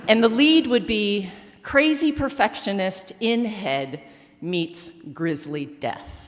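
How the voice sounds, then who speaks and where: A woman's voice: mid-range voice, lively intonation, slow, heavy background noise. A woman performing a comic, self-mocking personal story on a theater stage before a live audience. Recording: reverberant theater hall.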